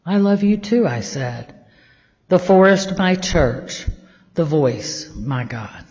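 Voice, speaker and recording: A man, a state legislator, slowly reciting a devotional poem as the opening prayer, gentle and measured, letting line ends fall to a hush. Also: on the high side, animated. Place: legislative chamber. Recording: dull, echoey chamber audio.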